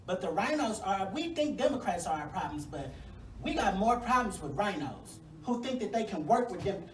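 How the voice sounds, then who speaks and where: A woman's voice: medium pitch, very animated, moderate pace, recorded from a distance, a little hiss or hum. A woman, a congressional candidate giving a sassy, folksy, fired-up campaign speech at a forum. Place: venue hall at a forum. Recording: echoey room, mic from afar.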